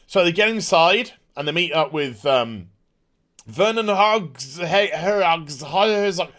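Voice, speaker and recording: A man casually recapping a TV episode, excitable and full of scene retellings. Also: fairly high pitch, takes it slowly. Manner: excitable, retells scenes with rough impressions and sound effects. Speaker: TV show reviewer.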